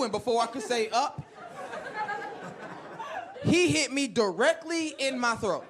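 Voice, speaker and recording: A man performing a stand-up comedy set, telling stories with animated delivery, loud bursts and acted-out voices. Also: very high-pitched, a little slow, pauses often, a crowd in the background, noisy background. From Chicago. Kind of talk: stand-up set before a live audience. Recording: live club set with audience laughter.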